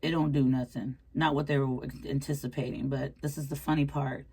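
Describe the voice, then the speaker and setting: A woman's voice: extremely low pitch, little pitch movement, brisk, a little mellow, husky. A woman giving a casual tarot reading in a playful, chatty way, calling the listener pet names. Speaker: tarot reader.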